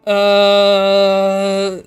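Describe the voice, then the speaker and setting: A man's voice: high voice, monotone, drawn-out words, clean tone, no echo, faint music behind. A man giving casual, joking commentary while playing a game, laughing often. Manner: giggly, joking. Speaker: gaming video creator. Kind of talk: casual let's-play commentary.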